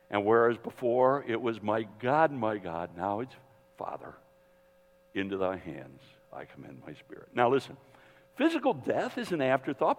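A man preaching a sermon with dramatic shifts, dropping to a near whisper and repeating words as he builds up. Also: mid-range voice. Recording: long reverb of a church hall.

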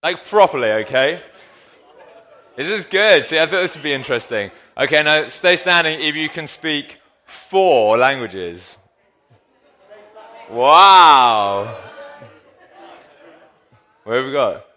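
Male pastor, bright voice, jokey sermon delivery on a handheld mic in church. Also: fairly high pitch, lively intonation, takes it slowly, pauses often, some chatter behind. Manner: playful, jokey, addresses the congregation directly. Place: church hall.

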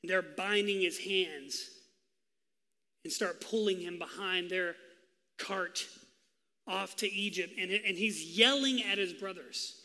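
A man preaching a sermon as pastor, telling the story with lively, acted-out quotes. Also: high-pitched, slow, big-room sound. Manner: animated storytelling, acting out voices in quotes.

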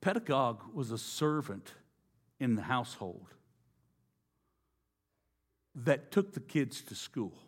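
A man preaching a sermon, slow and deliberate, dropping to a hush on key phrases. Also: medium pitch, sing-song, breathy edge. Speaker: pastor.

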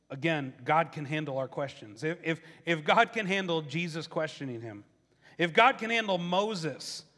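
With a bright, forceful tone that fills a big room, a man delivers a sermon as a pastor. His preaching is conversational, and he imitates the people he quotes, raising his pitch to act out their questions.

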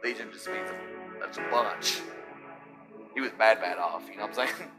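A man preaching a sermon as pastor, swinging from hushed intensity to shouting and quizzing his congregation with call-and-response questions. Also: fairly low pitch, normal speed, over music.

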